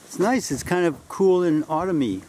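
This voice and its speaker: A man's voice: sits high, animated, moderate pace, noisy background. A man chatting casually with a friend, making dry joking remarks. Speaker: visiting friend filming. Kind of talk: casual chat.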